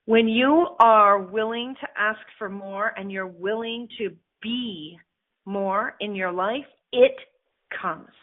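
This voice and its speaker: A woman's voice: mid-range voice, takes it slowly. Woman radio host and life coach, brash, salty motivational talk, thin lo-fi phone-line sound. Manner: blunt, swears, animated with laughs. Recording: phone-like narrow band audio.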